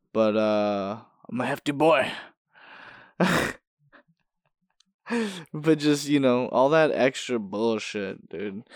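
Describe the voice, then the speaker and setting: A man talking solo on his own podcast in a laid-back, casual way. He swears a lot, laughs often, and gets loud and high when worked up. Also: clean tone, dry recording, clean studio sound. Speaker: podcast host.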